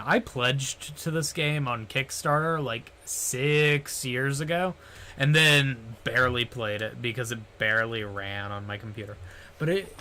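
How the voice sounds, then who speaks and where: Solo male streamer, mid-pitched, unhurried, rambling and goofy, desk mic, faint room hum. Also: pushed and bright. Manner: rambling, playful, hums and makes silly noises while working. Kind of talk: casual solo stream chatter.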